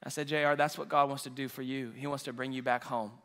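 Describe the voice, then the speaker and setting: A man's voice: mid-range voice, little pitch movement, fast talker, pushed and bright, big-room sound. A man preaching a sermon, telling a story emotionally and acting out the dialogue. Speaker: pastor. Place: church auditorium.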